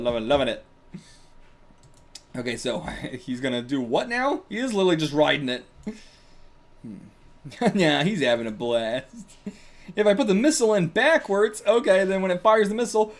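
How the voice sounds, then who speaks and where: A young man reading a manga aloud and reacting casually, excitable and laughing, with bursts of swearing. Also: on the high side. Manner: excitable, swears, laughs, puts on brief character lines.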